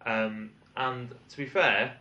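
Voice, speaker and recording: In casual chat, a British man with a mid-range voice tells a long restaurant story, slow and steady but sharp in tone. He rambles, swears and rants in exasperation, in British English. The recording sounds roomy, distant and dull, with lo-fi quality.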